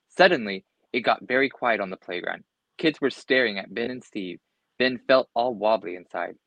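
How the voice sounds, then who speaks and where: A man's voice: fairly low pitch, moderate pace, vocal fry, dry recording, poor audio. Man reading a children's storybook aloud. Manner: expressive, occasional slips and restarts. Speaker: storybook reader.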